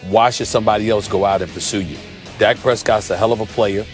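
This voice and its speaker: A man's voice: on the low side, steady tone, fast talker, faint music behind. A man hosting a sports debate show, arguing his points emphatically and listing them one after another with frequent uhs.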